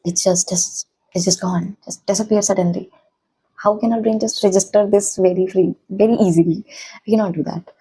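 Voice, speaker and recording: A young woman, a college student, talking softly and haltingly in a personal reflective vlog. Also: medium pitch, fairly even intonation, husky, rough recording. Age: young adult. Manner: soft-spoken, hesitant, halting.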